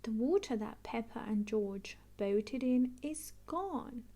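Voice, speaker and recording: A woman reading a picture book aloud to children. She takes her time, her pitch sweeping up and down with storyteller flair. Slightly high, warm and unhurried. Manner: animated, expressive, slow and clear. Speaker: storybook reader.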